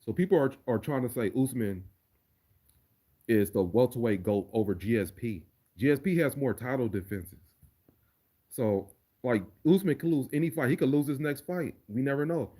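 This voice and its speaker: A man's voice: medium pitch, normal speed, mellow, breathy edge. A man answering viewer questions on a casual livestream, laid-back and profane, often repeating words as he thinks. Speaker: livestreamer and remix producer.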